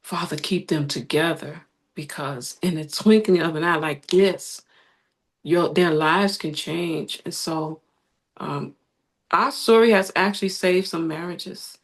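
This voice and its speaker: A woman guest in an interview, telling her story in an animated way and acting out the people she quotes. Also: lowish voice, takes it slowly. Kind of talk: conversational storytelling.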